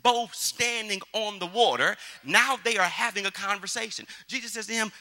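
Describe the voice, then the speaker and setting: High, bright-voiced preaching pastor. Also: male voice, brisk, hardly any pauses. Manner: call-and-response preaching, frequent "you got it?"; swings from shouted exhortation to low storytelling. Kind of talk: sermon. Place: church sanctuary with congregation.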